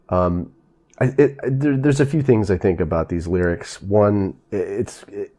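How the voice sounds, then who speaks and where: A man hosting a casual film soundtrack review, easygoing and quick to laugh. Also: low-pitched, warm tone. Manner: easygoing, laughs often, trails off into restarts. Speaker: podcast host.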